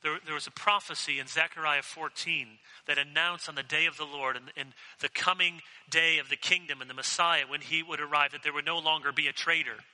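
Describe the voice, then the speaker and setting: Pastor, male, earnest and emphatic, bright cutting tone, long sanctuary reverb. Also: on the high side, steady tone, a little fast, few pauses. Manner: earnest, emphatic, asks the congregation direct questions. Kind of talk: sermon.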